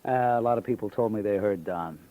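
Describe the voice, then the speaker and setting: A man's voice: on the low side, a little fast, narrow, tinny audio. A man hosting a call-in radio show, introducing callers and often laughing at their insults. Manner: laughs often, amused exclamations. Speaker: radio talk show host.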